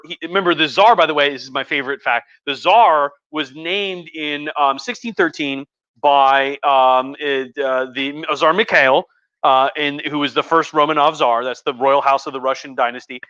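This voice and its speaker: A man's voice: a little high, moderate pace, bright, forceful tone, no room sound, highs cut off. Tipsy man rambling through a history lecture. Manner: rambling, profane, chatty, many restarts. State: drunk. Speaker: history professor. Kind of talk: casual livestream history lecture.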